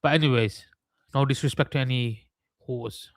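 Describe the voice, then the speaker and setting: A man's voice: medium pitch, normal speed, no room sound. A young man hosting a live trading stream, mixing chart analysis with rambling, mock-serious joking rants.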